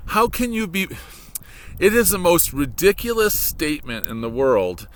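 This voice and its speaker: A man's voice: on the high side, sing-song, moderate pace, rough recording. A man with a Michigan accent chatting casually while walking on a frozen lake, rambling and correcting himself as he goes. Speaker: vlogger, high school worker. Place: outdoors on a frozen snowy lake. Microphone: laptop held while walking.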